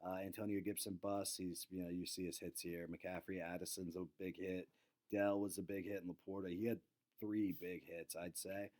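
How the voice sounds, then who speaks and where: A man's voice: low voice, flat delivery, moderate pace, darkish tone. A young man hosting a casual fantasy football recap, laid-back, with lots of ums and fillers. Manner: laid-back, lots of ums, quotes friends in raised voices. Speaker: fantasy football league host.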